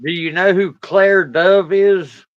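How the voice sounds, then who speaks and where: A man's voice: sits high, steady tone, slow, smooth, no room sound, highs cut off. A middle-aged man, a country music artist chatting casually in an interview, laid-back and drawling, often chuckling. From United States.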